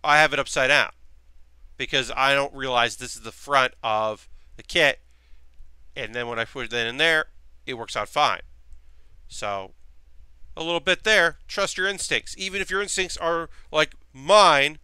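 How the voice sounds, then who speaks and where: A man streaming live in casual chat, rambling and thinking aloud with frequent restarts, dropping to a quiet mutter while he works with his hands. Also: medium pitch, unhurried, smooth, no room sound. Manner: drops to a quiet mutter while focused on handiwork.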